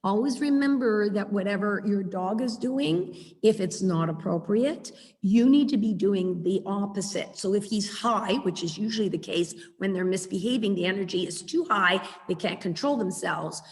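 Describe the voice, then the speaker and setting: A woman dog trainer teaching a webinar over a video call, chatty and lively, repeating words for emphasis. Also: mid-range voice, normal speed, few pauses. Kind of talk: webinar lesson. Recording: echoey video call audio.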